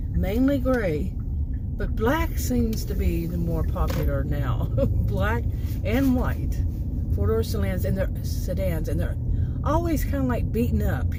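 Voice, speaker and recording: Hoarse woman chatting while driving. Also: on the low side. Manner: meandering, frequent restarts and soft laughs. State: voice worn out, hiccups. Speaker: vlogger doing food deliveries. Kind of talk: rambling casual chat while driving. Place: inside a car on the road. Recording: loud car noise behind.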